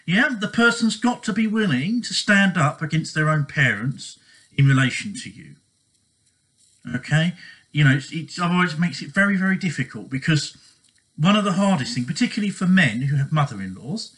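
A man's voice: on the high side, big pitch swings, normal speed, a bit bright, poor audio. A man giving relationship advice in a casual monologue, earnest and repetitive, often checking in with "okay?".

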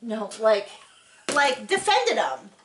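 A middle-aged woman co-hosting a reality show recap, talking in an animated, rambling way and acting out quotes. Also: fairly high pitch, slow pace, a little hiss or hum. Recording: echoey room.

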